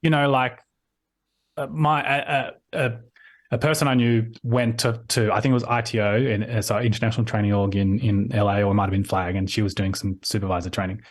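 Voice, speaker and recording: A man's voice: on the low side, fairly even intonation, fairly quick. Rambling Australian man on a video call. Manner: rambling, with many restarts and "like". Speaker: guest. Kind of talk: casual conversational interview.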